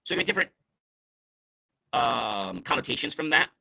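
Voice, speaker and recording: Emphatic bright-voiced male motivational host. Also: sing-song, moderate pace, creaky. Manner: emphatic, varies stress and tone to demonstrate meaning; salesy, upbeat sign-off pitch. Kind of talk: motivational talk.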